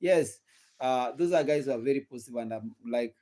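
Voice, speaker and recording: Brisk and dark-toned, this mid-range male voice belongs to a young Kenyan gossip-channel host doing loose live-stream commentary. He yawns and sounds drowsy, repeats himself, and poses rhetorical questions to the audience.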